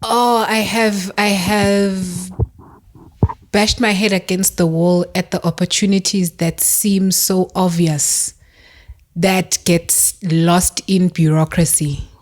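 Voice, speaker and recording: A woman's voice: on the low side, fairly even intonation, slow. A woman, a guest on a podcast, talking casually and enthusiastically and laughing often. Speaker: podcast guest, data professional. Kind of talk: casual conversation.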